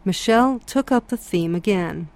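A woman giving measured, reflective audiobook narration. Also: mid-range voice, animated.

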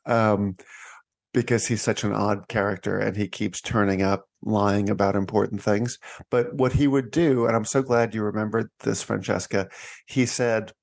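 A man with a low voice and a gravelly edge speaks as an author being interviewed. He tells his stories wryly and breaks into laughter as he goes. His voice has a noticeable rough fry. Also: fairly even intonation, moderate pace. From United States. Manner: wry, laughs while telling stories. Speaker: author and guest. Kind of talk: conversational interview.

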